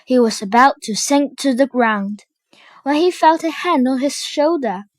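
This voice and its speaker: A woman reads a children's storybook aloud with slow, careful expression. Her voice sits somewhat high for a woman, and the recording is close and dry with no room sound. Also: lively intonation, dry recording. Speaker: storybook reader.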